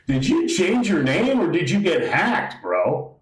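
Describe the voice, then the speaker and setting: Chatty male game streamer, lively voice. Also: mid-range voice, slow, pauses often, reverberant, low-quality recording. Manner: rambling, swears, reads game text aloud. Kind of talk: casual live gameplay commentary.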